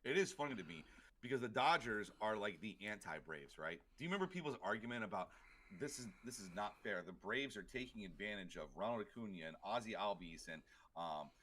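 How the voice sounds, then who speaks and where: A man co-hosting a casual sports podcast, talking quickly in a lowish voice with a bright, sharp edge. He rambles through his takes, full of "you know" and restarts. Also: lively intonation, slight background noise. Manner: rambling, filler-heavy, quick talker. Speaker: podcast co-host.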